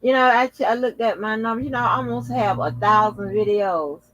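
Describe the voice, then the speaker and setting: A man's voice: high-pitched, brisk, fairly bright tone, rough recording. A man hosting his own channel, talking casually and with lots of exclamations, chatting straight to his viewers and swearing freely. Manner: chatty, profane, exclamatory, addresses viewers as y'all. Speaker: channel host. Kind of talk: casual vlog commentary.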